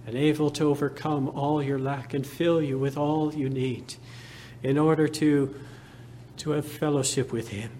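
A man preaching a sermon in a slow, earnest manner, building to fervent emphasis. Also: medium pitch, a little mellow, slight background noise.

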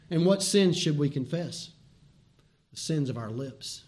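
His voice runs on the high side at a measured pace as this male pastor preaches. He alternates between loud, emphatic repetition and quiet, folksy asides, often putting questions straight to the audience.

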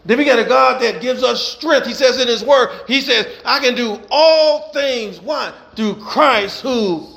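A man's voice: extremely high pitch, a little slow, creaky, hardly any pauses, a bit bright. A man preaching a sermon as pastor, emphatic and repetitive.

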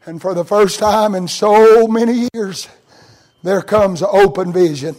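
A man preaching a sermon as a story, rising to cries and dropping to hushed tones. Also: high voice, unhurried, poor audio. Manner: dramatic, swings between loud cries and hushed near-whispers.

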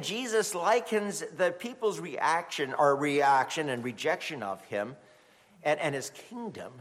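A middle-aged man preaching a sermon as a pastor, telling stories in an animated way. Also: a little high. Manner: animated storytelling, acts out quoted voices. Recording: long hall reverb.

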